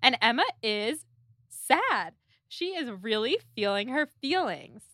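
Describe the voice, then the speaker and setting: A woman's voice: on the high side, very animated, slow pace, bright, forceful tone, dry recording, clean studio sound. A woman co-hosting a podcast, chatting casually and summarizing a story's plot with playful asides. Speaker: podcast co-host. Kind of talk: casual book-club chat.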